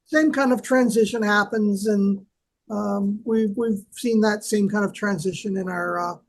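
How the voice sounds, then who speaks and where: Halting, explanatory scholar. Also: male voice, high-pitched, fairly even intonation, a little hiss or hum. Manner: hesitant, lots of fillers, explanatory. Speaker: co-host, archaeology scholar. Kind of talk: casual educational discussion.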